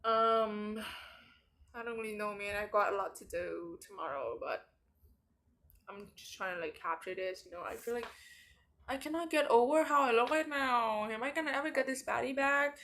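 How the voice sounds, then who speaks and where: A woman's voice: a little high, animated, normal speed, fairly bright tone. A young woman about to start university, rambling in a late-night confessional vlog with lots of fillers and a tired, sleepy tone. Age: young adult. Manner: rambling, filler-heavy talk with many likes. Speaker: vlogger.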